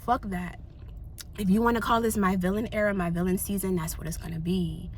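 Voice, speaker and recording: A young woman vlogging in candid casual chat, animated and slangy, often laughing. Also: medium pitch, a little fast, slight background noise.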